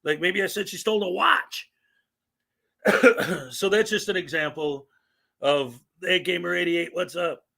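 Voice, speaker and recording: A man's voice: sits high, a little slow, gravelly, long pauses, sharp tone. A man in his thirties hosting a casual livestream, chatting in a rambling way and greeting viewers in the chat. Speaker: livestream host.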